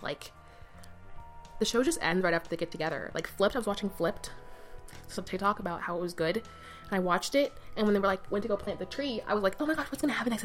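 A young woman talks alone into a mic propped on her knee while she sits on her bed, hosting her own chatty podcast. She rambles, piles on fillers and keeps correcting and interrupting herself. Her voice sits at an ordinary pitch for a woman, with faint music underneath. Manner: chatty, scattered, filler-heavy, self-interrupting. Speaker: podcast host. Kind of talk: rambling solo podcast chat. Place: sitting on her bed at home. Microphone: mic balanced on her knee.

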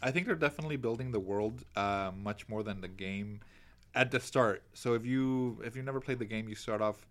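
Relaxed jokey man co-hosting a podcast. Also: on the low side, a little fast. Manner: relaxed, jokey, uses many fillers. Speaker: podcast co-host. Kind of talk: casual podcast chat.

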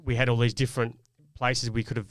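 On a casual podcast, a man co-hosting the show tells a personal parenting story, earnest and reflective. His mid-range voice is flat and quick-paced, recorded at studio quality with no echo.

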